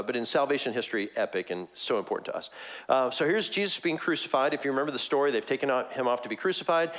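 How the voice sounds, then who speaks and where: A man's voice: mid-range voice, low-quality recording. A man preaching a sermon in a loose, conversational way, reading scripture and acting out the people in the story. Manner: conversational and animated, acting out quoted voices. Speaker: pastor.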